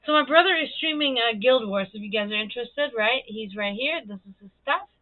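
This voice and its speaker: A woman's voice: a little high, lively intonation, fairly quick, no room sound. Tinny, dry-sounding chatty woman streamer. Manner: chatty, swears freely, laughs often. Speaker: livestream host. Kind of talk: casual livestream chat.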